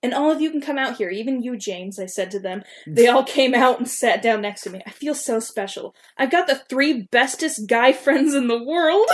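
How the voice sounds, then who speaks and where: A woman co-hosting a podcast, casually reading her old fan fiction aloud and stopping to comment on her own writing. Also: fairly high pitch. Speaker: podcast co-host.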